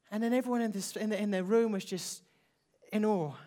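A preacher telling an emotional story in a sermon, slowing down and dropping soft for emphasis. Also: mid-range voice, steady tone.

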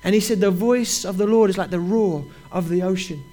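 High-voiced man preaching a fervent sermon. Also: a little fast, dark tone. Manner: reads scripture aloud with rising emphasis; fervent, repetitive preaching cadence.

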